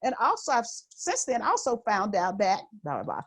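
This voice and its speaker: A woman's voice: medium pitch, moderate pace, breathy edge. A woman guest author in an interview, speaking with authority, projecting her voice, often laughing and acting out what others say. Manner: animated, laughing, acts out quoted remarks. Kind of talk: interview conversation.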